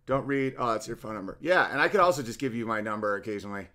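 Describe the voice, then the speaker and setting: A man's voice: fairly low pitch, lively intonation, very fast, hardly any pauses, sharp tone. A middle-aged man hosting a casual comedic podcast, firing off sarcastic rhetorical questions. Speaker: podcast host.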